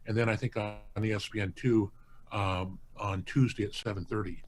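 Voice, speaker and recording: The guest, president of a hall of fame museum, rambles earnestly through stories in a casual interview, frequently starting phrases over. He has a steady, lowish voice at normal speed, with slight background noise.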